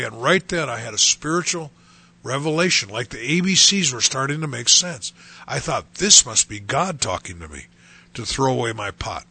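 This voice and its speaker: A man in his sixties, a pastor telling his personal testimony in a halting way, often repeating words and restarting. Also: medium pitch, lively intonation, bright, forceful tone, husky.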